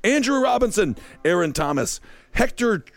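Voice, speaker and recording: A man's voice: high-pitched, very animated, moderate pace, vocal fry, no room sound. A man with a Midwestern accent hosting a podcast, reading supporter names with playful banter. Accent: Midwestern American. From Wisconsin. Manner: playful, jokey. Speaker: podcast host.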